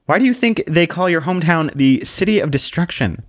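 A man's voice: a little high, lively intonation, brisk, no room sound, studio quality, voice pushed up, lightly acted. A man voicing a sassy, condescending little female book who lectures bluntly. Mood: lecturing.

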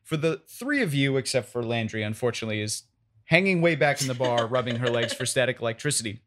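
A man narrating a tabletop game as game master, describing scenes in an animated way. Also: mid-range voice, fast talker, very noisy. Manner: animated, descriptive, chuckling at slips.

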